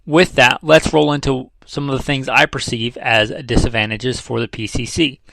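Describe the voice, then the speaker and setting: A man's voice: medium pitch, little pitch movement, moderate pace, vocal fry, a bit bright, no echo, low-quality recording. A man, a firearms trainer, talking through a casual instructional lesson in a conversational way, repeating key figures and dropping dry sarcastic asides.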